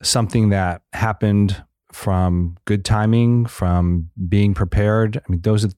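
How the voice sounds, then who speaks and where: Deep, mellow male podcast host. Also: steady tone, slow pace, clear, resonant tone, dry recording, clean studio sound. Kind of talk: interview conversation.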